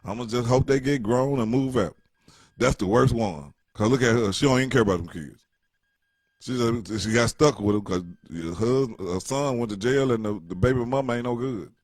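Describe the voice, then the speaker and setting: A man's voice: mid-range voice, moderate pace, dry recording, clean studio sound. A middle-aged man telling a rambling, joking story in casual slang. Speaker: vlogger.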